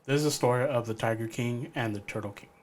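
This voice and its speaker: A man's voice: medium pitch, fast, a little mellow. A man casually retelling a folk tale on a podcast, loose and offhand, leaning on "like" and "pretty much.". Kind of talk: casual storytelling. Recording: faint background noise.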